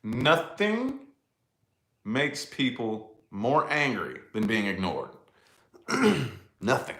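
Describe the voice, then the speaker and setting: A man's voice: lowish voice, fairly bright tone. Laid-back man chatting in an echoey room. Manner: laid-back, swears casually, says dude and y'all. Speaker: tarot channel host. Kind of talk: casual livestream chat.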